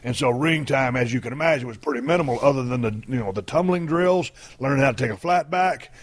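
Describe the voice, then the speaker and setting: A man's voice: medium pitch, fast. A man from Texas hosting a podcast interview, blunt and folksy and swearing freely. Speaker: podcast host. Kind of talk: casual interview.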